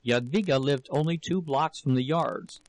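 A man reading a novel aloud as an audiobook narrator, in a steady, measured way. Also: fairly high pitch, low-quality recording. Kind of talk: scripted narration.

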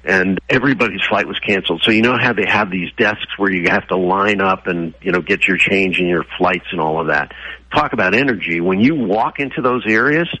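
Casting: very low, husky male guest on a dry, dull radio line, lively storyteller. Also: fairly quick, no echo. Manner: animated, acts out quoted voices. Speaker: guest, horse trainer. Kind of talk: storytelling interview answer.

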